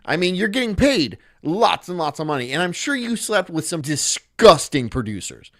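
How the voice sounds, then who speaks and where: Crude, rambling male streamer with lively pitch. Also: normal speed. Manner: laughs often at his own jokes. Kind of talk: casual stream chat, reading chat messages.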